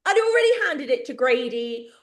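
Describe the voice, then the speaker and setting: A woman's voice: high-pitched, very animated, moderate pace, roomy sound. An English woman co-hosting a podcast, telling stories in casual chat and laughing often. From England. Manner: chatty storyteller, laughs often. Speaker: podcast co-host.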